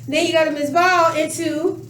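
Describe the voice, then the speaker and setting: A woman with an extremely high, steady voice speaks at normal speed over crowd noise while teaching math. She poses questions to the class and stretches words out to emphasize them. The camera is across the room, making the classroom sound distant and echoey.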